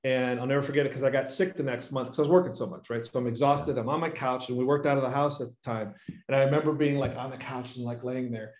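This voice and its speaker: A man, a guest business owner, telling animated stories about his early years in a casual interview. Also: mid-range voice, fast talker. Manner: animated storyteller who acts out quoted voices. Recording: roomy echo.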